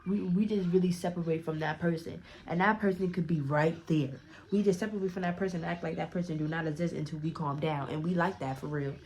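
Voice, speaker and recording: A young woman vlogger telling a casual story time, profane and animated, often repeating herself. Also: lowish voice, fast.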